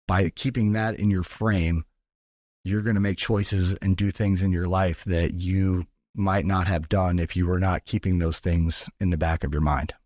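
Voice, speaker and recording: A man's voice: low-pitched, darkish tone, dry recording, studio quality. A man from Texas, a podcast guest talking in an earnest, motivational way and swearing freely. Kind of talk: casual podcast talk.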